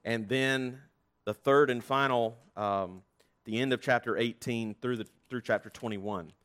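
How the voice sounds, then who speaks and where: A man preaching from the pulpit in an easygoing, conversational manner. His pitch sits in a middle range. He shifts into reading scripture aloud, raising his voice for the quoted speeches. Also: measured pace, a bit bright, clear, resonant tone. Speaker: pastor.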